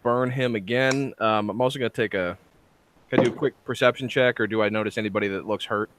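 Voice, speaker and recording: A man's voice: on the low side, fast, fairly bright tone, slight background noise. A man playing a tabletop game, hesitant and full of fillers. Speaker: player. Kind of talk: tabletop role-play.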